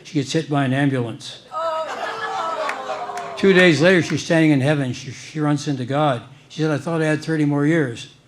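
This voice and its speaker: Male stand-up comic, slightly high voice, deadpan, noisy stage mic. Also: normal speed. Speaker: stand-up comedian.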